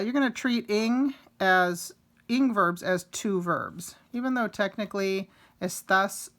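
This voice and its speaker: A woman teaching from her notes, with a voice of middling pitch. She explains each point step by step and repeats every example sentence for her students. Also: a bit bright. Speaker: Spanish teacher. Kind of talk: recorded lesson.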